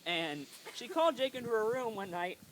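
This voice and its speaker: A woman's voice: a little high, sing-song, moderate pace, a little hiss or hum. A woman telling a funny family story in a casual vlog, giggling often and filling her talk with "like". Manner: giggly, lots of "like" fillers, acts out quotes. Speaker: vlogger. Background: friends chiming in and laughing.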